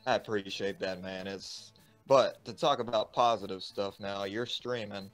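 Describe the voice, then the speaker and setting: A man talking in slangy, animated chat with a fellow streamer about games and friends. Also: lowish voice, a little slow, faint music behind. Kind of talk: casual gaming stream chat.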